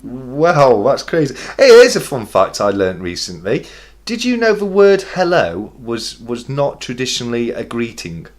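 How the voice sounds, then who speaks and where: A man's voice: medium pitch, wildly swooping pitch, a little slow. A man hosting a casual chat on a video call, laughing often and reading out viewer comments. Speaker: host.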